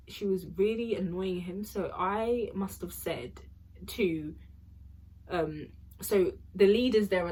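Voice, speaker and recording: Chatty husky young woman telling a story. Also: lowish voice, a little mellow. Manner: chatty, rambling, full of fillers and laughs. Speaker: vlogger. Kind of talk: storytime vlog.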